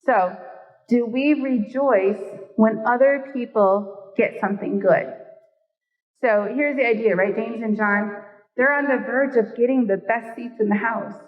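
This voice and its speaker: A woman's voice: a little high, measured pace. A middle-aged woman teaching a sermon in a chatty way, joking with her listeners between points. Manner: conversational, playful asides to the audience. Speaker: Bible teacher. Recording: distant, dull, long hall reverb.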